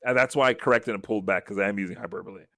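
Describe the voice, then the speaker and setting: A man's voice: lowish voice, very fast, dry recording, clean studio sound. A man co-hosting a casual podcast chat, telling stories animatedly and acting out the lines of the people in them. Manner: animated storyteller who acts out quoted lines. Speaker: podcast co-host.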